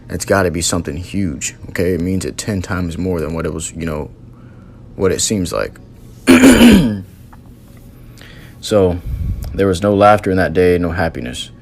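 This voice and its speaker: Deep-voiced man telling a vision testimony. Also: slight background noise. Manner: earnest storytelling, many "you know" and "man" fillers. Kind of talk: recounting a religious vision testimony.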